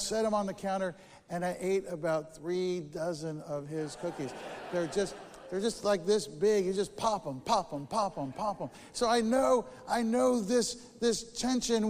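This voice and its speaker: A man preaching a sermon in a church, telling personal stories in an animated, chatty way. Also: sits high. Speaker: pastor. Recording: echoey church hall.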